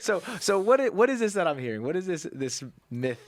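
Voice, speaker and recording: A man hosting a podcast, asking questions in a relaxed, joking way and laughing along with his guest. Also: high voice, brisk, background noise. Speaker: podcast host. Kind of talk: casual podcast conversation.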